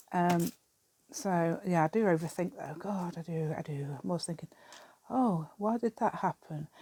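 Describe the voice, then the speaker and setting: A woman's voice: lowish voice, a little mellow, no echo. Chatty woman crafting outdoors. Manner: rambling, chatty, self-deprecating with frequent laughs. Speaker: craft vlogger. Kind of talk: casual chat while crafting. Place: at an outdoor table. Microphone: camera set on the table.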